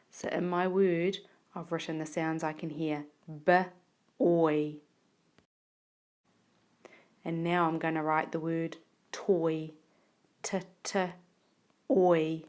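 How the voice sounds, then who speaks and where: Low-voiced lady teacher doing phonics, sounds out each word real slow and careful. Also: darkish tone. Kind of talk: phonics lesson. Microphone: tablet recording.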